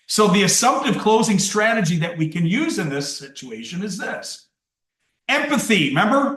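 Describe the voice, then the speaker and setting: In a coaching session for contractors, a man with a high, slightly bright voice teaches sales with lots of energy, playing out conversations with customers. He's picked up from a distance in a roomy space.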